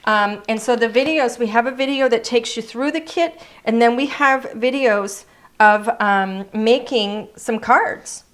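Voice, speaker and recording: A woman's voice: a little high, measured pace, fairly bright tone. A woman presenting craft products in a casual, chatty showcase, gushing over each item and sometimes hunting for words.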